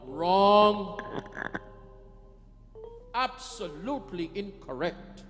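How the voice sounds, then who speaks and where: A man's voice: a little high, in a large hall. A man preaching an emphatic devotional sermon, breaking into sung devotional lines. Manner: emphatic, sings devotional lines between speech. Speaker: katha preacher. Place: temple hall.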